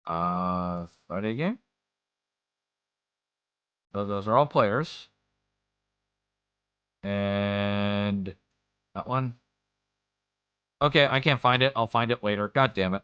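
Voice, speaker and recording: A man's voice: lowish voice, slow pace, pauses often, a bit bright, clean tone, dry recording, lo-fi sound. A man narrating as game master in a casual way, muttering to himself while he searches his files.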